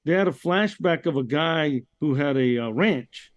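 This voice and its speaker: A man's voice: a little high, animated, unhurried, no room sound, highs cut off. A man from the United States, hosting a podcast and chatting in a laid-back way with some swearing. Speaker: podcast host. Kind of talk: casual chat.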